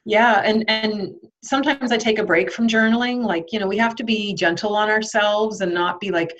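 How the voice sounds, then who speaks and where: A woman's voice: medium pitch, moderate pace, a bit bright. A woman guest in an interview, speaking reflectively about self-care, with many ums and likes. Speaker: guest, nurse. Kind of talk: conversational interview. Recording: dull lo-fi sound.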